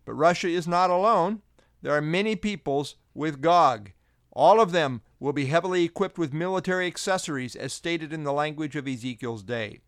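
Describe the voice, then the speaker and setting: A man's voice: on the high side, no echo, studio quality. Emphatic man teaching from scripture. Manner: deliberate, emphatic, slows to stress key phrases. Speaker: Bible teacher. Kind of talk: scripted Bible teaching narration.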